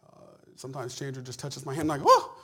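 A man preaching a sermon, swinging between loud, drawn-out cries and hushed whispers. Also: medium pitch, level tone, husky.

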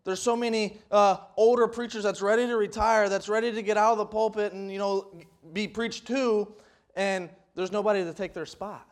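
A young man preaching a folksy sermon, rambling with restarts and rising to loud, emphatic peaks. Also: high-pitched, steady tone, moderate pace.

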